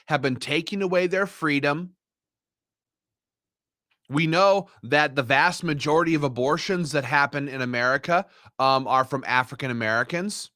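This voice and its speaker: A man reacts live on his stream and rants with heat and indignation. His voice is bright and forceful, and it sits a little high for a man. The sound is dry, with no room around it. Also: no room sound. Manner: heated, indignant ranting. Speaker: livestream commentator.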